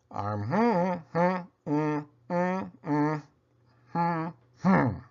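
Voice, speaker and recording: A man's voice: medium pitch, husky, highs cut off. A man reading children's poems aloud, playful and theatrical. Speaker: children's book reader.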